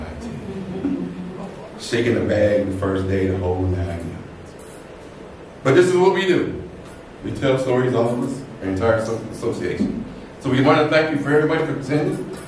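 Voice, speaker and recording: A man hosting a storytelling event, chatting and telling a personal anecdote in an animated way, laughing often and acting out the people he quotes. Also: medium pitch. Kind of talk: casual closing remarks and personal anecdote. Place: event hall with live audience. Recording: echoey hall from far off, faint noise.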